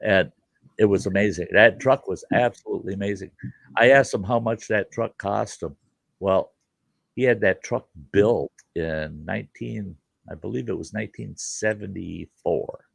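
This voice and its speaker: A man's voice: fairly low pitch, normal speed, gravelly, breathy edge, dry recording, studio quality. A middle-aged man hosting a show and telling a rambling childhood story in a folksy, casual way. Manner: folksy, rambling, with fillers like "you know". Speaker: host and storyteller.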